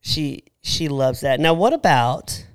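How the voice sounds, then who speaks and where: A man's voice: on the high side, lively intonation, slow, smooth, no echo, clean studio sound. A man with a Southern US accent, co-hosting a podcast in a casual, joking chat. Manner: joking, plays bad put-on accents. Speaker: podcast co-host.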